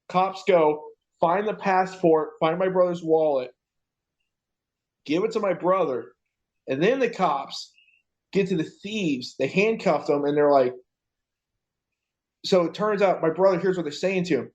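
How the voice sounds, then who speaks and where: Here the co-host's voice is high and unhurried, with long pauses and dull audio. He's chatting casually on a podcast, cursing often as he performs the quotes of the people in his story.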